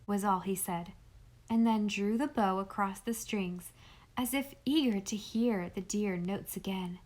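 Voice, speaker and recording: A woman reading a classic novel aloud as an audiobook narrator, with gentle, even storytelling. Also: mid-range voice, a little slow. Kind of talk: scripted narration.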